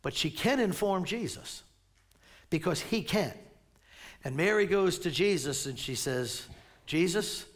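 A middle-aged male pastor preaching a sermon in a conversational, animated way, with frequent stammered restarts. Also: fairly high pitch, a little slow.

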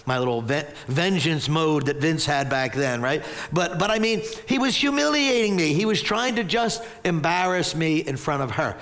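A man in his sixties preaching a sermon. He tells stories with lively energy, often restarting his sentences and asking rhetorical questions. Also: a little high. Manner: animated storytelling with repeated restarts and rhetorical questions. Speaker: pastor.

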